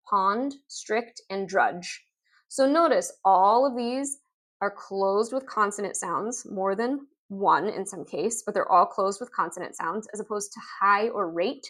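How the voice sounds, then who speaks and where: A woman's voice: medium pitch, fairly bright tone. Upbeat woman teaching phonics. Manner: upbeat, sounds out letters and words slowly. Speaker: literacy teacher. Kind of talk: instructional explainer video.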